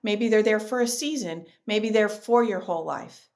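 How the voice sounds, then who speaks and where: A middle-aged woman guest in a podcast interview, speaking emphatically and repeating key phrases, telling lively stories. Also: medium pitch, moderate pace. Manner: animated storyteller.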